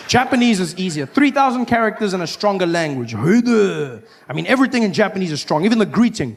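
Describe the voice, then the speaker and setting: A man in his thirties from Africa, performing a stand-up set and jumping into high put-on voices for his bits. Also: expressive, brisk, slight background noise. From South Africa. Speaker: stand-up comedian. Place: live comedy venue.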